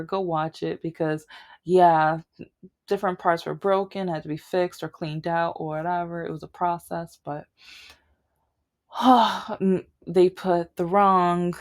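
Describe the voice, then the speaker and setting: A woman vlogger telling a long personal grievance story in a casual, rambling way, with many restarts. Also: fairly low pitch.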